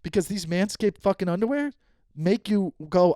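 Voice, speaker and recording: Young guy doing a sweary rambling ad read on his podcast, highish voice, dead dry room. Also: animated, moderate pace, mellow, no room sound. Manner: rambling, profane, jokey riffing. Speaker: podcast host reading an ad. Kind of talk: improvised comedic ad read. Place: non-studio room.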